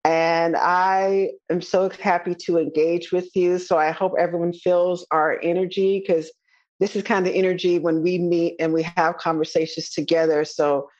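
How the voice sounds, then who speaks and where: A woman speaking as a guest in a podcast interview, enthusiastic and conversational, slowing down to stress key words. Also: on the low side, flat delivery, darkish tone, highs cut off. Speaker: interview guest, nurse informatics specialist.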